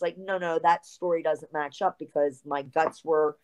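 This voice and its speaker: A woman's voice: low-pitched, moderate pace, low-quality recording. A middle-aged woman, a guest telling a story in a casual interview and acting out the lines of the people in it. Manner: animated storyteller acting out quoted dialogue, swears freely.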